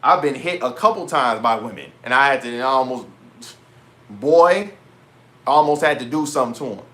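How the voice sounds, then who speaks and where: Speaking at a normal speed in a medium-pitched voice, a young vlogger recounts a story straight to camera. His delivery is lively and full of slang and swearing, and he performs every line of dialogue, voicing both people in each exchange.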